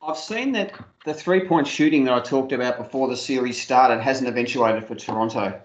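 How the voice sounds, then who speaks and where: A man co-hosting a casual sports chat, relaxed and unhurried, with frequent hesitations and dry humour. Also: mid-range voice. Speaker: podcast co-host. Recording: roomy, muffled lo-fi audio.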